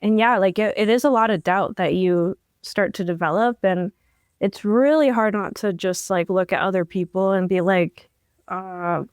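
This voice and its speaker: Smooth-voiced young woman, eager storyteller. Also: medium pitch, normal speed, dry recording, clean studio sound. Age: young adult. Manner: enthusiastic, storytelling with many fillers. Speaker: podcast guest, incoming law student. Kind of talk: casual interview talk.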